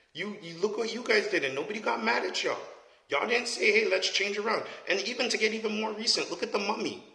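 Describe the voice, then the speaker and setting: A man's voice: fairly high pitch, vocal fry, sharp tone. A man, giving a blunt, profane, casual opinion rant and often asking "you know what I mean?". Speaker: commentator. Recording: echoey space with long reverb.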